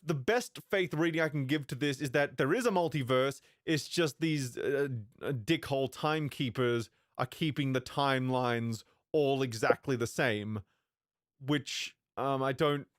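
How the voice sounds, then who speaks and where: A man's voice: medium pitch, a little slow, no room sound, clean studio sound. A man hosting a reaction video in casual commentary, rambling, stumbling over words and swearing.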